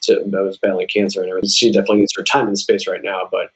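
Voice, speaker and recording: A man, here as a musician guest, rattles off stories rapid-fire in a casual interview captured in poor audio. Animated and prone to restarts, he jumps high in pitch when voicing what people said.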